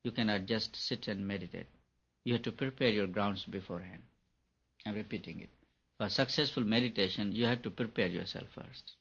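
A man's voice: on the low side, fairly quick, fairly bright tone, slightly rough. A man giving a spiritual talk on meditation, repeating his points for emphasis. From India. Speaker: meditation teacher. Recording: dull lo-fi recording.

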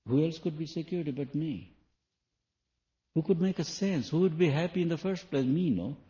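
Male spiritual teacher, dark and mellow, rhetorical questioning, lo-fi 1980s tape. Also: a little high, moderate pace. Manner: rhetorical questions, non-native phrasing. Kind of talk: spoken sermon to an audience. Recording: dull lo-fi 1980s tape recording.

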